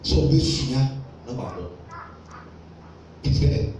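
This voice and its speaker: Preacher in an echoey hall. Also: male voice, mid-range voice, expressive, slow, dark tone, distant mic, a little hiss or hum. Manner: preaching, mixing Twi and English, repeating key lines. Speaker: pastor. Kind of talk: sermon.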